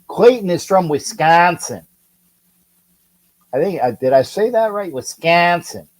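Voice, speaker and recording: A man's voice: high-pitched, very animated, a little fast, dark tone, poor audio. A man from California hosting a casual live sports talk stream, rambling and chatty as he reads viewer comments and greets people by name. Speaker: sports talk livestream host.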